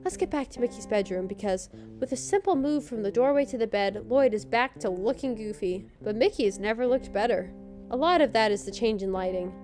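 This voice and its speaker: A woman's voice: a little high, expressive, fairly quick, darkish tone, faint music behind. A woman co-hosting a podcast, giving a sarcastic, joking recap of a TV episode. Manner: sarcastic, snarky commentary. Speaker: podcast co-host.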